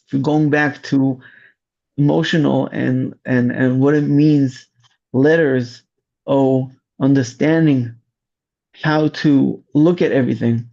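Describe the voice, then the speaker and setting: A man who commands rescue volunteers, telling his story slowly in an interview and searching for his words. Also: medium pitch, gravelly, a little mellow. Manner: slow, searching storytelling with restarts. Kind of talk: interview testimony. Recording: dull lo-fi audio.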